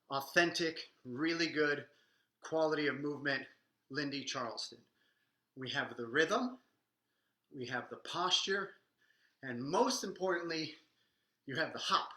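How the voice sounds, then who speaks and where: A man with a bright, forceful voice teaches a dance lesson in an echoey room. He coaches energetically and counts out the beats while dancing, a little out of breath at times. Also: fairly high pitch, unhurried, pauses often. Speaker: swing dance instructor. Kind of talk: live online dance lesson.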